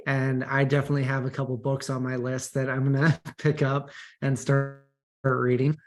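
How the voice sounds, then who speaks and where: A man hosting an online question-and-answer session over a video call, polite and a bit hesitant, with halting phrasing. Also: medium pitch, flat delivery, soft background music. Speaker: event host. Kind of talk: moderating an online Q&A.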